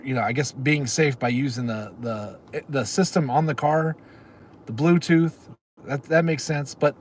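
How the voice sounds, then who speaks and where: A middle-aged man chats loosely on a livestream, wandering from tangent to tangent. His voice sits a bit high for a man. A faint background noise runs under the recording. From Texas. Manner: rambling, chatty, answers chat comments. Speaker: livestream host. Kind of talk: casual livestream chat.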